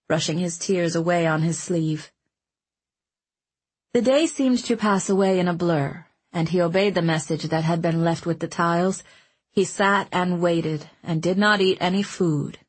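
A woman narrating a children's fantasy audiobook in a gentle, measured storytelling manner. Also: on the low side, husky. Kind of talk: scripted narration.

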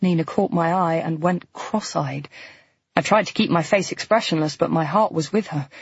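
A man giving a first-person narration with a wry, steady storytelling manner. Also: fairly high pitch, moderate pace, gravelly, slightly rough, dry recording, lo-fi sound.

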